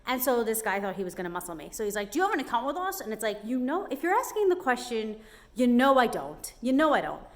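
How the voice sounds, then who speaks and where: A young woman chatting casually in a vlog, telling a story in an animated way and acting out the people in it, with lots of "like" and "um". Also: fairly high pitch, fast. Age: young adult. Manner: chatty, many fillers like "like" and "um". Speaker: small business owner.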